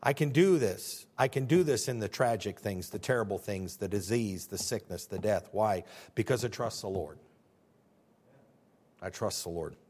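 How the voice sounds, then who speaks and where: A man's voice: on the low side, expressive, moderate pace, a little mellow, slightly rough. A man in his fifties, a pastor giving a conversational sermon full of jokes and rhetorical questions.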